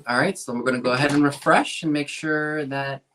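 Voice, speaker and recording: A man's voice: fairly high pitch, fairly even intonation, a little fast, fairly bright tone, slight background noise. A man from Maryland co-hosting a live online antiques sale, reading out bids in a matter-of-fact way and keeping the sale on track. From Maryland, USA.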